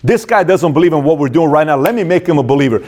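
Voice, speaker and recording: A man's voice: a little high, animated, quick pace, darkish tone. A man hosting a motivational business talk, speaking emphatically, repeating phrases and acting out people's inner dialogue. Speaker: host.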